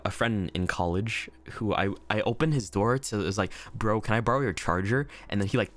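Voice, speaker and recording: A young man telling a story in a casual vlog, laughing often, swearing freely and talking with animated energy. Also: lowish voice. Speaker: vlogger. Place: inn room indoors.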